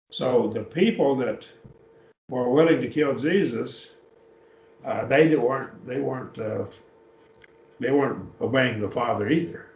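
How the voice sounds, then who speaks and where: A man's voice: mid-range voice, gravelly, a little mellow. A man teaching a Bible class, explaining Greek word forms step by step as he works a computer. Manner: unhurried, explains step by step while working a computer. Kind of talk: classroom lecture on Greek words. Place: church classroom. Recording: echoey room, distant mic, dull lo-fi.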